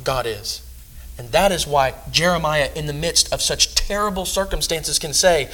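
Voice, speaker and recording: Male preacher, fairly high voice, earnest sermon, hushed asides between loud emphasis. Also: measured pace, rough recording.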